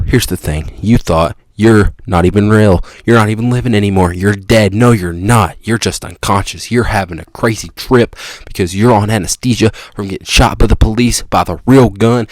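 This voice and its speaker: A young man hosting a podcast, excitedly rambling through an improvised comic story told to the listener, with sudden jumps in pitch and loudness. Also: normal speed, dry recording. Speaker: podcast host.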